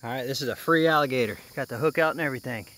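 A man giving casual, joking commentary outdoors by a pond while fishing, excitable and quick to chuckle. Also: mid-range voice, slight background noise. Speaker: fishing vlogger.

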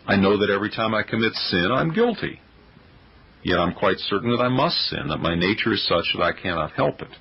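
A man's voice: lowish voice, creaky, husky, highs cut off. A man reading a sermon aloud in a solemn, formal oratorical manner. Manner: solemn, formal oratory with old-fashioned wording.

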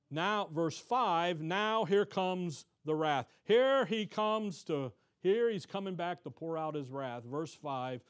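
High-voiced pastor teaching scripture. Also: male voice. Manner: conversational, restarts, rhetorical questions, reads scripture aloud. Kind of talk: expository Bible-study sermon.

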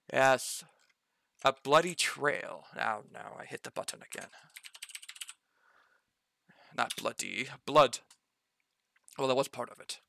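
A man's voice: medium pitch, creaky, sharp tone, clear, resonant tone, no room sound. A man game master thinking aloud as he builds a dungeon map, muttering corrections to himself and noting he has slipped into an odd accent.

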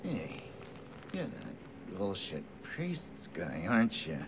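A man's voice: lowish voice, wildly swooping pitch, slow pace, noisy background, heavily acted. An actor playing a jovial, menacing male captor in a game, taunting and sarcastic in a chummy way. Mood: mocking. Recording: game audio under music.

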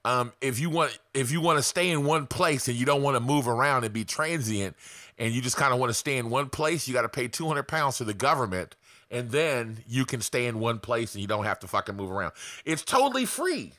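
A man's voice: medium pitch, expressive, fairly quick, pushed and bright, dry recording, studio quality. A man giving casual, blunt sales coaching to camera, swearing freely.

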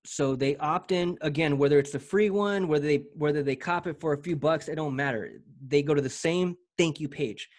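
Energetic slangy man, slightly high voice. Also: a little fast, hardly any pauses. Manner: energetic, slangy, repeats words often. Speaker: presenter demoing software. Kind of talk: casual walkthrough chat.

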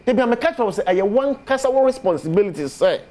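A man with a Ghanaian accent giving a persuasive promotional talk about herbal medicine on a TV show, repeating his pitch. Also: expressive, very fast, dark tone.

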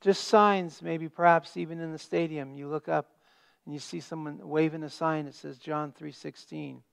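A man preaching a sermon as pastor, stressing key words and dropping to a hush at the ends of phrases. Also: on the high side, steady tone, moderate pace, gravelly, clear, resonant tone. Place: church sanctuary.

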